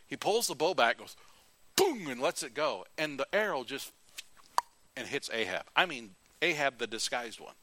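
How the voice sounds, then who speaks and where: A male preacher who retells scripture with animated, folksy asides, in a bright and forceful voice. The recording is close and dry, with almost no room sound. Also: mid-range voice, moderate pace, dry recording. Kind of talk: sermon.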